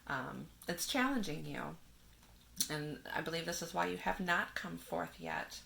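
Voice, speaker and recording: A woman giving a spiritual tarot reading in a gentle manner, reading card verses aloud and laughing softly now and then. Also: lowish voice, a little slow, creaky, slight background noise. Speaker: tarot reader.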